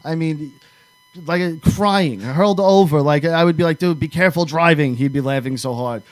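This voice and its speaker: A man's voice: fairly high pitch, normal speed, no room sound. A man from New York telling wild stories in casual chat, cursing freely and acting out his friends' lines. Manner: profane, animated storyteller acting out friends' lines. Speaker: podcast co-host.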